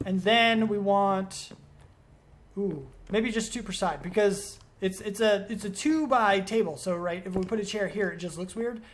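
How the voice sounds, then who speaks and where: A man's voice: sits high, moderate pace. A man giving let's play commentary as a gaming video creator, rambling and thinking aloud as he questions himself.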